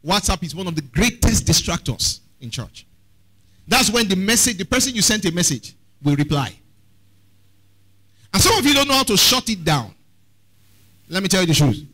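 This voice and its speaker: A man's voice: high voice, sing-song, moderate pace, long pauses, bright, forceful tone, poor audio. A man preaching a sermon as pastor, often asking the congregation questions.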